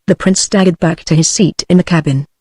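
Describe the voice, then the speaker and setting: A synthetic British English woman's voice reading a novel aloud in an even, machine-read delivery. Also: lowish voice, fairly quick, slightly rough, no room sound, studio quality. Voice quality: flat, even text-to-speech delivery. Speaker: audiobook narrator. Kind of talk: synthesized audiobook narration.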